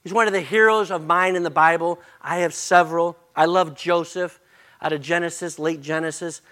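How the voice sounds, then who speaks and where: An older man preaching a sermon as pastor, folksy and joking, his voice a little hoarse and breaking. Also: on the high side, a bit bright.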